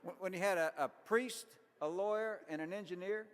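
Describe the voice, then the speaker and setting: An older man giving an after-dinner speech at a banquet, telling folksy jokes with deadpan punchlines and chuckling at his own jokes. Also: sits high, normal speed, a little hiss or hum. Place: large banquet hall. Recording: long hall reverb.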